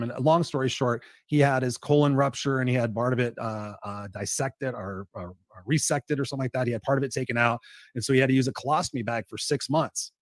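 A man's voice: mid-range voice, steady tone, fast talker, no room sound, studio quality. A man hosting a podcast, chatting casually and eagerly telling stories. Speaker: podcast host. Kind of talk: casual interview chat.

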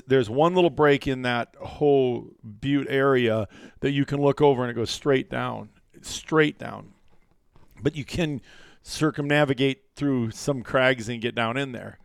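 A man's voice: medium pitch, gravelly, clear, resonant tone, no room sound, clean studio sound. A man co-hosting a casual hunting podcast, telling stories and acting out what people said. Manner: animated storyteller acting out quotes. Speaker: podcast co-host.

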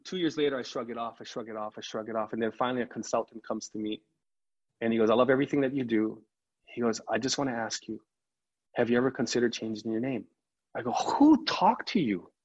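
A middle-aged male pastor with a husky voice spins a lively story, slipping into the voices of the people he quotes. The recording sounds a little muffled and lo-fi. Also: mid-range voice. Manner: animated storyteller who acts out quoted dialogue. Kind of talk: storytelling in a podcast interview.

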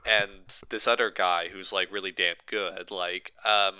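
A man's voice: sits low, fairly even intonation, measured pace, pushed and bright, clean tone, no echo. A man co-hosting a casual movie podcast, riffing sarcastically and rambling with a lot of swearing. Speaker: podcast co-host.

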